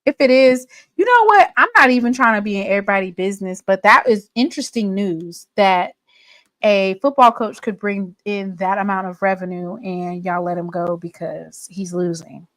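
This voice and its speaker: A woman's voice: mid-range voice, normal speed, a bit bright, no echo, studio quality. A woman hosting a live sports talk stream, chatting straight to her viewers in a sassy, gossipy way. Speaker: livestream sports show host.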